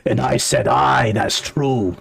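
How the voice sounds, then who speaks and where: A man's voice: medium pitch, steady tone, slow, vocal fry, fairly bright tone, husky, full character voice. A man voicing a mad old male dwarf who believes he is a king, speaking in archaic, theatrical lament.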